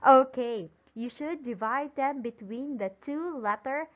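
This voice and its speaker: A woman teaching an English lesson slowly and emphatically, pausing for imagined answers and praising them. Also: sits high. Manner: praising and drawing out example words. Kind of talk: recorded classroom-style lesson. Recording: dull lo-fi sound.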